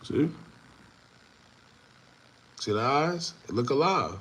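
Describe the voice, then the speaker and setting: A man hosting an online commentary show, talking casually to viewers in a repetitive, animated way with laughing asides. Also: mid-range voice, takes it slowly. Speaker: show host.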